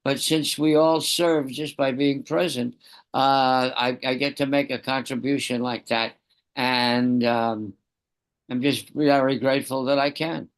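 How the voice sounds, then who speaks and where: A man in a casual group discussion on a video call, speaking in a halting, reflective way with many restarts. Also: medium pitch, steady tone. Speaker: participant sharing experience with children.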